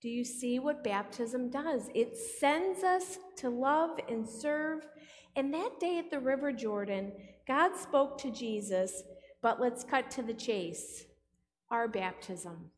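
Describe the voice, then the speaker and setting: A woman's voice: a little high, lively intonation, slow, a little hiss or hum. A woman pastor delivering a playful sermon, often putting questions to the congregation. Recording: long hall reverb.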